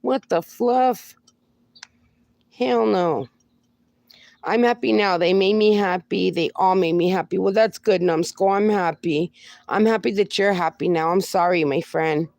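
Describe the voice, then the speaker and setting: A woman's voice: lowish voice, moderate pace, creaky, a little mellow, no room sound. A woman in her forties hosting a casual livestream, reading viewer comments aloud and answering them fondly, calling people "my darling" and "my friend". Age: 40s. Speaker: livestream host.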